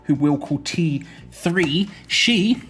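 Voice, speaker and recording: A man's voice: fairly high pitch, lively intonation, slow pace, a bit bright, soft background music. A young man giving a jokey, rambling explainer vlog, often correcting himself mid-sentence. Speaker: YouTuber.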